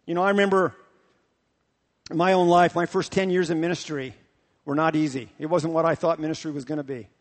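High-voiced man preaching a sermon. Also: a little fast. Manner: animated storytelling, repetitive. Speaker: pastor. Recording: long reverb of a hall.

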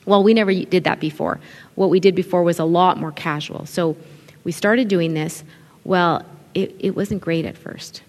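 A middle-aged woman from an Italian family, a children's ministry leader, gives an expressive, conversational conference talk to other ministry leaders. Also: fairly low pitch, normal speed. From Italian family background. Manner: expressive, conversational, quotes people in acted voices. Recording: long hall reverb.

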